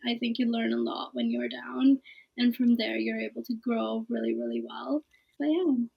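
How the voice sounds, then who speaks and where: A woman's voice: on the high side, fairly even intonation, moderate pace, vocal fry, breathy edge, lo-fi sound. A young woman in her twenties, a student guest in a casual interview, speaking earnestly and laughing often.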